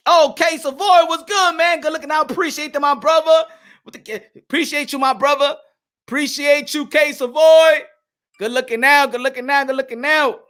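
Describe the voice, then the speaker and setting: Excitable high-pitched man hosting a boxing stream. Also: unhurried. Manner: excitable, shouting, laughing, slangy. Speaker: boxing livestream host. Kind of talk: casual livestream chat reading viewer comments.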